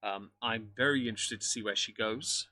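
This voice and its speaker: Man with a sharp, bright voice. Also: lowish voice, brisk, a little hiss or hum. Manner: dry, mocking remarks while greeting chat. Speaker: livestream commentator. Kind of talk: live reaction commentary.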